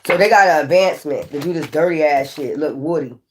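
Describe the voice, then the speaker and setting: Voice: medium pitch, brisk. A tarot reader giving a casual reading straight to viewers, rambling, swearing and hammering points home. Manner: rambling, profane, emphatic.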